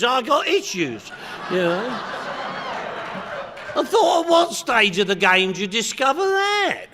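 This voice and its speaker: A middle-aged man with a London accent, telling comic stories to a crowd in a loud, joking, punchy way with bursts of shouting. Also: very high voice. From England. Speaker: recovery meeting speaker. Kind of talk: comic storytelling talk to a crowd.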